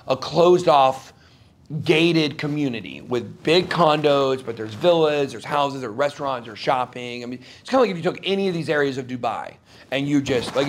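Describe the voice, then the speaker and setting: A man appears as an interview guest before a live audience, telling a story in an emphatic, rambling way, and his voice jumps up sharply whenever he gets worked up. His pitch is medium, with slight background noise.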